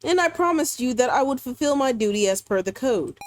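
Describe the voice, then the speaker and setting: A woman's voice: high-pitched, lively intonation, brisk, slight background noise. Woman reading as a cold formal male official. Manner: formal, matter-of-fact.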